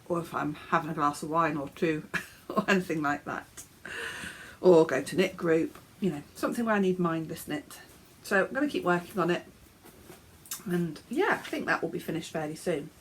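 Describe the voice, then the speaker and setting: A woman's voice: low voice, normal speed, slight background noise. An English woman hosting a knitting podcast, sounding a bit snuffly and chatting casually from her home office with fillers and small laughs. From England. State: snuffly, coughing. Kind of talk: casual show-and-tell chat.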